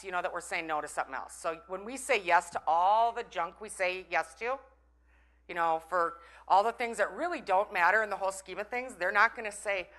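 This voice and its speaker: Bright-voiced woman speaker. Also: mid-range voice, moderate pace. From Minnesota. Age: middle-aged. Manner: chatty and playful, teasing the audience. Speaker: conference breakout speaker. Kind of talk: motivational talk to a live audience.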